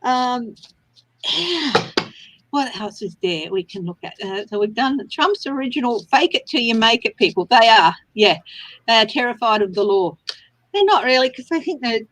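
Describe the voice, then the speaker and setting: A woman's voice: fairly high pitch, animated, moderate pace, a bit bright, low-quality recording. A woman from Australia hosting a casual tarot reading livestream, chatting and laughing often. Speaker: tarot reader livestream host.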